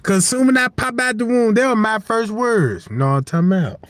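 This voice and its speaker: A man's voice: high-pitched, animated, a little fast, a bit bright, dry recording. A man hosting a livestream and telling a rambling comic story, laughing often. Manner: rambling, keeps asking "you know what I'm talking about", laughs often. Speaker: livestream host.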